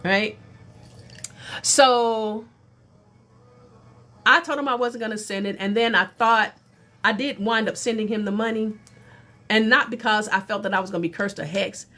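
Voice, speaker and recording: A middle-aged woman, a spiritual teacher, telling a personal story on a livestream in an animated, folksy, exclamatory way. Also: mid-range voice, normal speed, pauses often.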